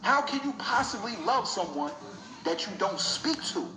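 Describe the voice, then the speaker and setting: A man's voice: high-pitched, very animated, normal speed, pushed and bright. A young man giving an emotional, preaching talk to his viewers, repeating his points over and over. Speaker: vlogger. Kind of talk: impassioned talk to camera. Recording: echoey room.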